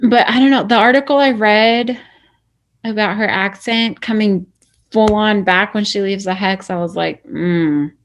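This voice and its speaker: A woman's voice: mid-range voice, fairly even intonation, moderate pace, a little hiss or hum. A woman co-hosting a casual review show who tells things chattily, with lots of "like" fillers. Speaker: podcast co-host.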